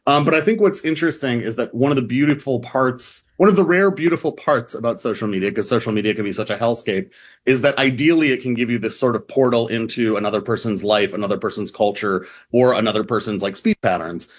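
A man in an interview, talking as a reporter at a medium pitch. He explains in loose, chatty runs full of fillers and restarts, and now and then mimics other voices playfully. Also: quick pace, breathy edge. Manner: rambling with many fillers and restarts. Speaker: reporter guest. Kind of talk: casual explanatory chat.

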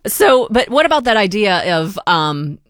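A woman's voice: mid-range voice, sing-song, unhurried, a bit bright, no echo, studio quality. A woman from Pittsburgh hosting a public radio interview, speaking in a polished but conversational way.

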